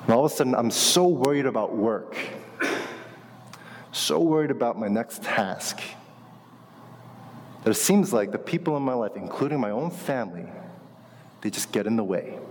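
A man's voice: mid-range voice, moderate pace, pauses often, slight background noise. Man preaching casually in a reverberant hall. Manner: conversational, animated teaching with asides. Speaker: pastor. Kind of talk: sermon.

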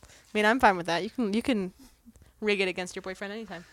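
A woman co-hosting a casual film podcast, talking in a halting way full of fillers. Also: mid-range voice, a bit bright. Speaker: podcast co-host.

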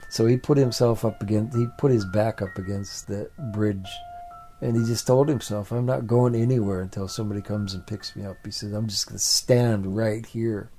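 A man's voice: fairly low pitch, steady tone, normal speed, dark tone, soft background music. A man telling a family story aloud in a plain, repetitive storytelling way. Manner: repetitive, building phrases. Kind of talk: oral storytelling.

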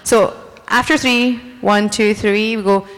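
A woman's voice: mid-range voice, steady tone, measured pace. A woman at a convention, playfully coaching a crowd through a silly dance and laughing as she talks. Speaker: convention guest leading a dance. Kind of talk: lively live-audience banter. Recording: long hall reverb.

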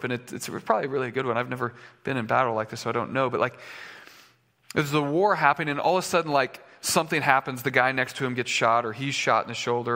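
A man's voice: medium pitch, fairly bright tone. Man preaching in a reverberant hall. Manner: conversational, with filler words and restarts. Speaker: pastor. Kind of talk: sermon.

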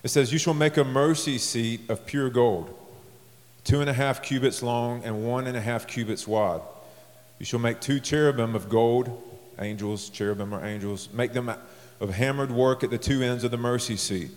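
A man's voice: medium pitch, normal speed. A man, a pastor, preaching a sermon in a conversational storytelling way, his voice lifting when he stresses a point. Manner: conversational storytelling with rising emphasis. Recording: long reverb of a large hall.

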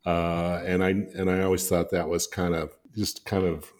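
Older male guest, deep-voiced raconteur, loose and chuckling with fillers. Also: level tone, normal speed, a little mellow. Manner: rambling, chuckling, frequent fillers. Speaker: guest, designer and author. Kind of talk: anecdotal storytelling in conversation.

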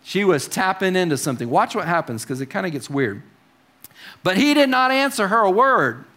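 High-voiced male preacher, chatty. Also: very animated, normal speed, a bit bright. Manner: chatty, asks the congregation questions, wry asides. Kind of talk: conversational sermon.

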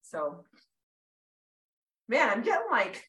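A woman hosting a podcast rambles through her thoughts in a bright, edgy voice, teary and quick to laugh. The sound is roomy and echoing. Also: on the high side, huge pitch swings. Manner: rambling, emotional, laughs often. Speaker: podcast host. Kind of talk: casual chat.

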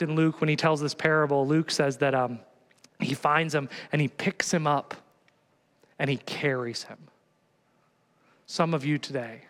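A man preaching a sermon in a conversational, animated way, often asking the congregation rhetorical questions. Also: fairly high pitch, in a large hall. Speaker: pastor.

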